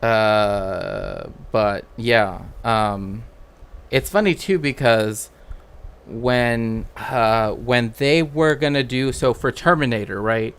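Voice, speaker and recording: A man's voice: mid-range voice, takes it slowly, a bit bright, clear, resonant tone. A man hosting a casual stream, rambling through trivia with many fillers and restarts. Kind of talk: casual chat.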